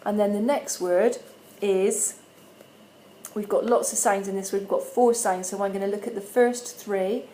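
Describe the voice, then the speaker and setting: A woman, a primary school teacher giving parents a friendly instructional video, patiently sounding out letters slowly and clearly. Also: mid-range voice, fairly even intonation, mellow, a little hiss or hum, rough recording.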